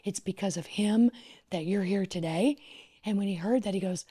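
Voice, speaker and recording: A middle-aged woman from Louisiana with a husky, breathy voice shares her story as a podcast guest. Her delivery is expressive: she dips into near-whispers and then climbs with excitement. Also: mid-range voice, normal speed. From Louisiana, USA. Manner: expressive, often drops to a whisper or rises excitedly. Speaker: podcast guest, wedding planner. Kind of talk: animated storytelling in conversation.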